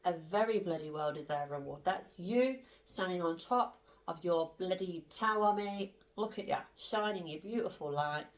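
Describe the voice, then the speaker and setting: Brief: woman, tarot reader, casual and emphatic, slightly low voice, set back from the mic. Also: moderate pace, few pauses. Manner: chatty, emphatic, rambling with asides. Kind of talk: casual spiritual tarot reading. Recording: roomy sound, distant from the mic.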